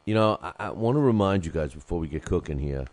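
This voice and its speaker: A man's voice: low-pitched, lively intonation, quick pace, a little mellow, no room sound. An older man hosting a boxing podcast, rambling loosely through sponsor reads with jokes and lots of fillers. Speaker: podcast host reading sponsor ads. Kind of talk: casual boxing podcast talk.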